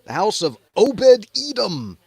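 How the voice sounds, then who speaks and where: A man's voice: high-pitched, sing-song, slow pace, vocal fry, a little mellow, husky, dry recording, pitched above the performer's own voice, heavily acted. A man voicing King David as a flustered, pushy adult king who talks in casual modern slang.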